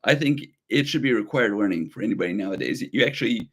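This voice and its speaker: A man's voice: on the low side, expressive, fast talker, fairly bright tone, breathy edge. A man in his thirties co-hosting a casual livestream, chatty and rambling as he reads viewer comments aloud. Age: 30s. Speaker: livestream co-host.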